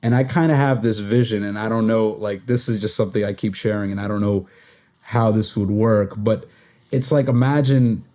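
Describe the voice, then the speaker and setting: A man with a lowish, mellow voice hosts a podcast, chatting casually and at length. He rambles, fills his speech with "like," and laughs at himself now and then.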